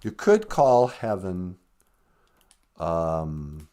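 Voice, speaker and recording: A man's voice: low-pitched, very animated, very slow, mellow. A man hosting a comedic live-stream podcast, joking casually and laughing at his own gags. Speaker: podcast host.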